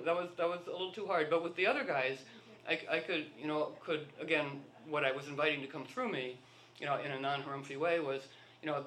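Bright-voiced man telling rambling anecdotes. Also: fairly high pitch, slight background noise. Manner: rambling, acts out dialogue in anecdotes. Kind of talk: anecdotal storytelling talk. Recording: echoey room.

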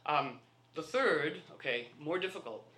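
A man's voice: a little high, expressive, measured pace, pushed and bright. A man telling rambling anecdotes in a casual talk, acting out the dialogue of the people in his stories. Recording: echoey room.

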